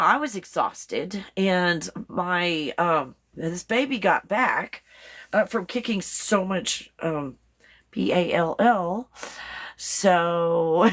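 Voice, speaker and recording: With a fairly low-pitched voice, a woman chats casually on her live stream. She reads viewers' comments aloud, laughs often, and spells out some words letter by letter.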